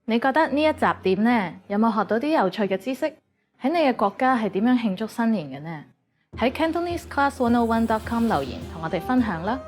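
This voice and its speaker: A woman giving a clear, measured, scripted narration for a language lesson. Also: a little high, sing-song, soft background music. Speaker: language teacher.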